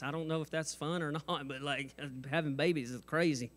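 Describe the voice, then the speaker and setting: A man preaches from a church stage in a slightly high voice. He moves between lighthearted asides and growing fervor, talking straight to his congregation. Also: brisk, fairly bright tone. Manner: jokes and asides, rising intensity. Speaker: pastor. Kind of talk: sermon.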